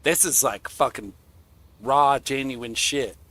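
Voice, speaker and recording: A man's voice: mid-range voice, slow pace, bright, forceful tone, dry recording. A young man streaming and chatting casually, rambling and joking crudely. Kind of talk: casual chat.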